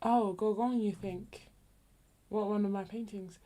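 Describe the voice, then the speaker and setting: She's an artist streaming her painting from an indoor home studio, chatting in a meandering, casual way with viewers and often trailing off when a name escapes her. Her voice is medium-pitched and dark, with fairly even intonation and a measured pace.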